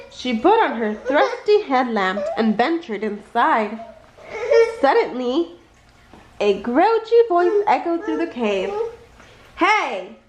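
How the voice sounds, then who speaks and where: A woman reads a bedtime picture book aloud in a high, sing-song voice that rises and falls with every line. Her reading is playful and expressive, and it rings a little in an echoey room. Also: slight background noise. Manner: expressive, jumps high for characters' lines. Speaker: storybook reader.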